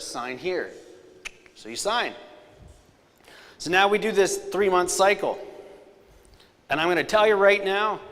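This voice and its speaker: A man giving a live storytelling safety presentation, energetic, with loud punchlines and quiet, serious asides. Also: on the high side. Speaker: safety speaker. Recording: long hall reverb.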